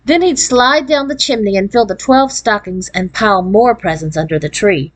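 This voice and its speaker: A woman reading a children's chapter book aloud in an expressive storybook cadence. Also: medium pitch, normal speed, poor audio. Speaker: read-aloud narrator.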